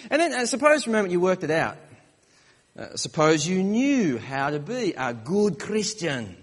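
A man, a father of young children, preaching a sermon in a relaxed, joking storytelling manner. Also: high voice, moderate pace, long reverb tail.

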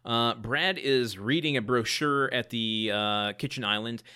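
A man with a bright, clear voice at a middle pitch, chatting casually as a podcast co-host. He walks through a sitcom episode scene by scene, quoting lines and laughing as he goes. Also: unhurried. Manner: laughs often, retells scenes with quoted lines.

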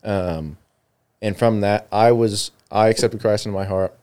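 A man on a church podcast sharing his personal faith story earnestly, pausing and restarting his sentences as he goes. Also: fairly low pitch, steady tone, darkish tone, smooth.

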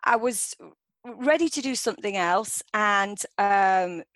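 A woman chatting as a podcast guest, animated and quick to laugh, her talk full of ums. Her voice is mid-pitched for a woman and sits close and dry in the recording, with no room sound around it. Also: no echo. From England. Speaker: veterinary nurse guest. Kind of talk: casual interview chat.

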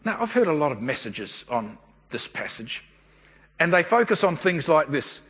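A man's voice: fairly high pitch, sing-song, moderate pace, a bit bright, slightly rough. A man preaching a sermon as a pastor, talking. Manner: conversational storytelling preacher. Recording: long hall reverb.

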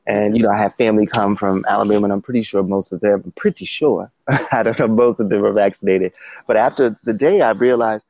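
Low mellow man, easygoing chat. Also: fairly even intonation, fast, dry recording, rough recording. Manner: laughs often, rambling with restarts. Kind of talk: casual chat.

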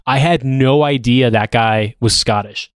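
A man's voice: medium pitch, measured pace, clear, resonant tone, dry recording. A man in his thirties, co-hosting a casual podcast chat, rambling with many restarts and casual swearing. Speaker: podcast co-host.

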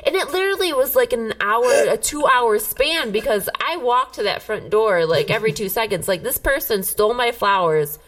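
A woman's voice: on the high side, normal speed, few pauses, distant mic. A woman co-hosting a podcast, telling a heated story in casual chat, swearing a lot. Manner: profane, animated, heated storytelling. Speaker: podcast co-host.

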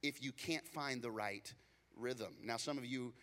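Bright-voiced preacher in an echoing hall. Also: male voice, mid-range voice, unhurried. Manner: jokey, conversational preaching with acted-out voices. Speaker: pastor. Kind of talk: sermon.

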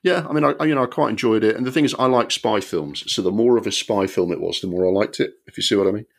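A man co-hosts a film podcast in a relaxed, chatty way. His voice sits very low and deep. He is opinionated and rambles, often restarting his sentences. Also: fast talker, vocal fry. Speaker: podcast co-host. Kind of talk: casual film review chat.

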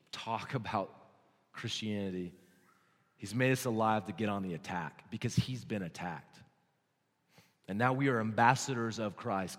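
A man preaching a sermon as pastor, swinging from hushed, low passages to loud, excited stretches. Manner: dynamic, swings from hushed to shouting. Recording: long hall reverb.

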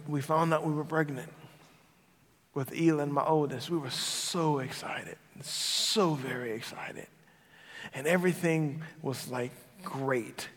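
A man in his thirties, a pastor giving a personal testimony in a sermon, telling it earnestly and dropping to a soft, quiet voice at tender moments. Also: a little high, vocal fry. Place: church sanctuary. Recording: large hall with long reverb and music behind.

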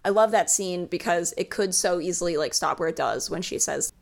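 A woman's voice: on the low side, fairly quick, gravelly, few pauses. A woman hosting a podcast, chatting enthusiastically about a novel and reading passages aloud. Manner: enthusiastic, laughs often, reads passages aloud. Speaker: podcast host. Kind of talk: casual book discussion.

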